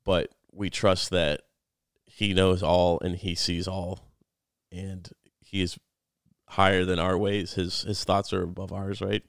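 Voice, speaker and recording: A man's voice: sits low, level tone, slow pace, gravelly, no room sound, studio quality. A man co-hosting a podcast, talking earnestly and reflectively through a Bible passage in casual chat. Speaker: podcast co-host.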